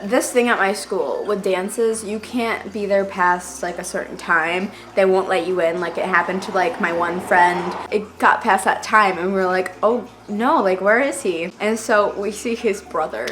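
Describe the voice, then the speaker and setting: A woman's voice: mid-range voice, fairly even intonation, moderate pace, few pauses, background noise. Chatty teen girl vlogger. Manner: chatty, rambling, heavy on "like" fillers; self-deprecating. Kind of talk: casual storytelling to camera.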